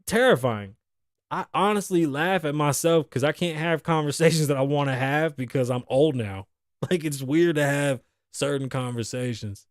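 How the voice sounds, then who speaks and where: A man's voice: fairly high pitch, moderate pace, no echo, studio quality. A man in his thirties hosting a casual solo podcast, ranting and joking with a lot of profanity and frequent laughter. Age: 30s. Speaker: podcast host. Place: studio.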